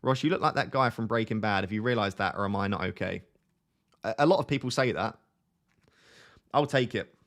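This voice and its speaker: A young man with a light Essex accent chats casually on a live stream, reading out viewer questions and answering them. He pokes fun at himself and laughs often. His voice sits a little on the low side. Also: fairly quick, long pauses, fairly bright tone. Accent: light Essex English. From Essex, England. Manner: chatty, self-mocking, laughs often.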